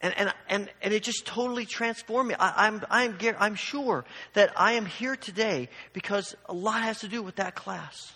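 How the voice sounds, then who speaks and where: Guy preaching a sermon, high voice, tells a story then gets fired up, big echoey church. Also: normal speed, few pauses, sharp tone. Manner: storytelling, building to fervent exhortation. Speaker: pastor. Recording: long hall reverb.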